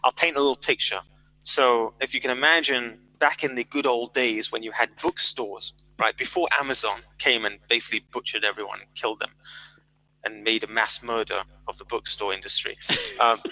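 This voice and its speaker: A man guesting on a podcast, chatting in an animated, storytelling way, full of fillers and repeated words. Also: mid-range voice, normal speed, poor audio. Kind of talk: casual interview chat.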